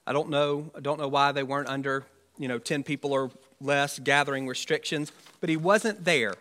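A man's voice: fairly high pitch, moderate pace, fairly bright tone. A man, a pastor, preaching an Easter sermon in a conversational, musing way with rhetorical asides.

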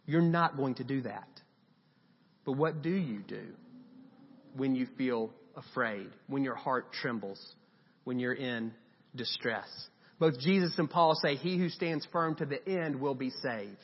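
Male pastor, conversational sermon delivery, slightly high voice, recording muffled with long hall reverb. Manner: earnest, conversational preaching with quoted asides.

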